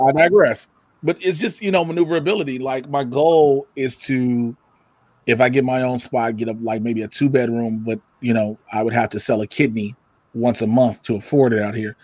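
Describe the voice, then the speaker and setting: A man chatting casually from his home setup, telling animated stories, loudly acting out quotes and swearing freely. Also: medium pitch, moderate pace, no room sound. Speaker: guest. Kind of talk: casual chat. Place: home room with a computer setup. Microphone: computer mic or camera.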